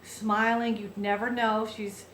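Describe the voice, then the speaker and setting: A woman's voice: fairly high pitch, little pitch movement, unhurried, fairly bright tone, slight background noise. Woman vlogging a heartfelt story, lots of "you know", echoey room. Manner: chatty, heartfelt, many fillers and restarts. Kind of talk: casual personal storytelling to camera.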